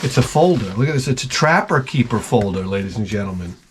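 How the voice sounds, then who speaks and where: A man vlogging as he opens fan packages, talking in a rambling, excitable way and swearing freely. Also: fairly low pitch, fast, a little hiss or hum. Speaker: vlogger opening fan mail. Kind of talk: casual unboxing chat. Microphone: camera mic.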